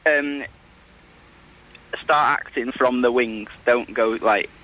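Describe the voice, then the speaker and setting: A man's voice: medium pitch, slow, pushed and bright, dull audio, slight background noise. A man calling in to a radio show, an amateur stage actor giving short, hesitant answers. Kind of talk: phone-in chat.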